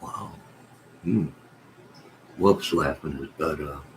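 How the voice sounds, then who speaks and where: A man with a very deep, low voice talks in an unhurried, drawn-out way. He hosts a casual livestream, rambling through stories and jokey asides as he reads his chat. A faint hiss sits under his voice. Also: low-quality recording. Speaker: livestream host reading chat. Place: at home in bed.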